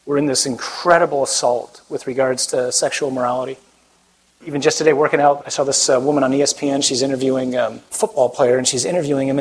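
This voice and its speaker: A priest preaching a conversational sermon to a live audience, joking and putting questions to the listeners. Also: male voice, fairly high pitch, vocal fry, breathy edge, poor audio.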